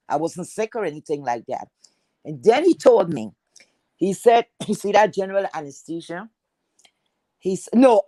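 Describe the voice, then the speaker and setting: A woman with a deep, heavy voice telling a personal story in a chatty, rambling way, full of fillers. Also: a little mellow, no room sound, low-quality recording.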